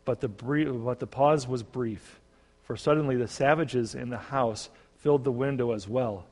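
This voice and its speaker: A man's voice: medium pitch, darkish tone. Man telling a parable, echoing. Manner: measured storytelling. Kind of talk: sermon storytelling. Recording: long reverb.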